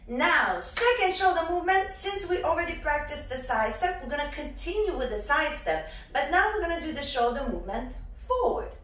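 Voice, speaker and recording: A young woman teaching a dance lesson in an upbeat way, counting the beats out loud. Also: high voice, normal speed, hardly any pauses, slight background noise. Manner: lively, counts beats aloud. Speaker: dance instructor. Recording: echoey room from far off.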